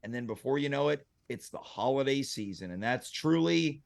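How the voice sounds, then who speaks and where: A man's voice: medium pitch, expressive, normal speed, creaky. A man hosting a casual talk show in a playful, upbeat, teasing way. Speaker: host.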